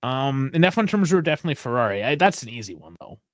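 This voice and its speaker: Lively, swearing sports podcast host. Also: male voice, medium pitch, fast, dry recording, clean studio sound. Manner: loose, profane banter with frequent laughs. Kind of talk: casual chat.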